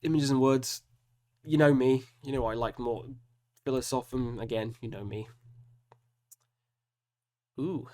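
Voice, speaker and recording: With a medium-pitched, slightly mellow voice, measured pace, and long pauses, a metal reaction host talks through album matchups alone on camera. He groans at tough picks and mocks himself along the way.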